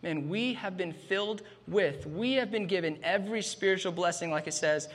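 A man's voice: high-pitched, moderate pace, husky, long reverb tail. A man in his thirties preaching a sermon, emphatic, often starting lines with "man" and restarting phrases. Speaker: pastor.

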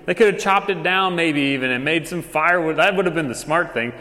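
A man's voice: on the high side, a little fast, pushed and bright, long reverb tail. A man giving a sermon as a pastor, talking in a loose, conversational way with lots of fillers and asides. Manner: casual, conversational preaching with many fillers.

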